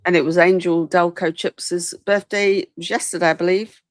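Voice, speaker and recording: A woman's voice: fairly low pitch, fairly even intonation, normal speed, no echo, studio quality. A middle-aged British woman hosting a casual live stream and chatting through viewer messages. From Britain. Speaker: host.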